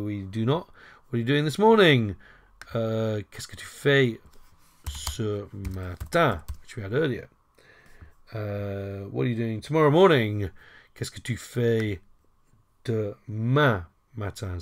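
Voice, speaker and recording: A man teaching a French lesson over a screen recording, chatty, with wry self-deprecating asides. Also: lowish voice.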